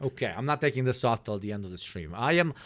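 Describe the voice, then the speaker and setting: A man's voice: medium pitch, lively intonation, fast, a bit bright, dry recording. A man live-streaming and reacting to clips with sarcastic, profane jokes.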